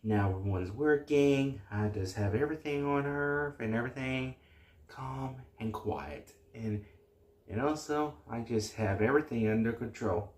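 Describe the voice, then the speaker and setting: A woman voicing a calm, forgetful grown-up who talks low and slow, trailing off as she muses, with an echoey room sound. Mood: content. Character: calm, forgetful grown-up caretaker of a baby star. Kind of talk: amateur cartoon voice acting.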